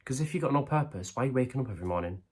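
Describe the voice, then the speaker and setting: A man's voice: medium pitch, animated, racing, darkish tone, slightly rough. A young man giving crude, direct self-improvement advice to camera, firing rhetorical questions and tacking on "right?" and "okay?". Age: young adult. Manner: acts out the brain's voice in quoted asides.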